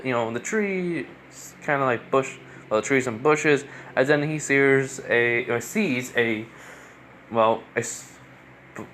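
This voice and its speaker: A man's voice: mid-range voice, fairly bright tone, a little hiss or hum. Rambling male storyteller, casual. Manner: rambling, many fillers and restarts. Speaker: storyteller of fan stories.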